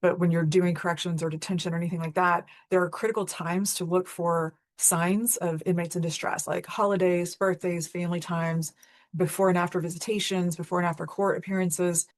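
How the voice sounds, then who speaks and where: A woman's voice: on the low side, steady tone, a little fast, no echo. A woman hosting a spiritual talk, telling a personal story in an earnest, candid, conversational way. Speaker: host.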